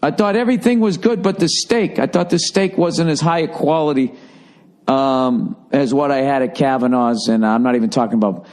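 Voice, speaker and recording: A man's voice: medium pitch, normal speed. A man, hosting a podcast and telling a rambling, profane story in a casual monologue. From Boston area. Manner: profane, rambling, animated when quoting people. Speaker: podcast host.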